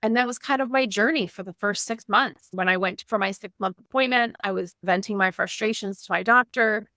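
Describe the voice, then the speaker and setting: Woman in her thirties, interview guest, gravelly voice, dry close recording, candid storytelling. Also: medium pitch, a little fast, pushed and bright, dry recording. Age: 30s. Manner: candid, earnest storytelling with frequent "like".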